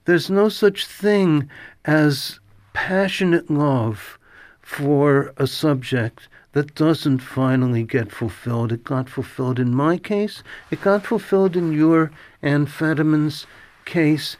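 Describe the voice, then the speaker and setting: Man, radio host, literary interview, slow musing delivery, dry studio sound. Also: a little high, darkish tone, no room sound. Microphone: studio microphone.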